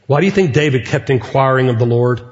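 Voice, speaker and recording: A man's voice: medium pitch, animated. Earnest preaching man in a reverberant hall. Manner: earnest preaching with deliberate pauses. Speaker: pastor. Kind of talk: sermon. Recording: reverberant hall, muffled sound.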